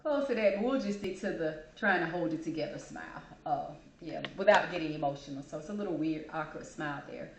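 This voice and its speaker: A woman's voice: sits low, lively intonation, fairly quick, hardly any pauses, slight background noise. Chatty woman in an echoey room. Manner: emotional, chatty, smiles and laughs while talking. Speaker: host. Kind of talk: casual personal talk.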